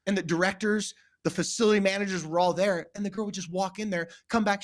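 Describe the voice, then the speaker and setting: A man from California tells stories with energy and emphasis, acting out the people in them as he goes. His voice sits a little higher than most men's. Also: very fast, few pauses. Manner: acts out voices in anecdotes, emphatic. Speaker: therapist guest. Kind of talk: animated storytelling in a podcast interview.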